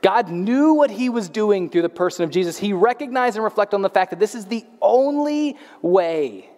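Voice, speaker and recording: A man's voice: animated, moderate pace, darkish tone. A man in his thirties preaching a sermon, earnest, repeating words as he restarts and letting his voice fall at the end of phrases. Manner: earnest, drops pitch at phrase ends, frequent restarts. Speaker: pastor. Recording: long hall reverb.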